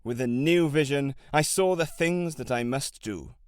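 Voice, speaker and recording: A man in an audiobook reads as a hardened camel trader who once fled as a slave and now speaks with steady resolve. His delivery is measured and solemn, pitched in a middling register, and the sound is dry and close with no room around it. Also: no room sound, natural voice. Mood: resolute. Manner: measured, solemn, old-fashioned phrasing. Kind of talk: audiobook reading.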